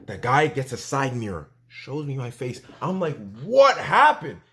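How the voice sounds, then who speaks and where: A young man from Canada telling a story in a casual vlog, animated and full of fillers, acting out what he said at the time. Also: mid-range voice, normal speed. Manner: animated storytelling, filler-heavy, acts out his own quotes. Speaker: vlogger.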